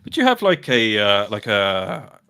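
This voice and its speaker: A man chatting casually as a stream guest, animated and swearing freely. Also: on the low side, normal speed, clean tone. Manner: animated, swearing, laughing easily. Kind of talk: casual chat.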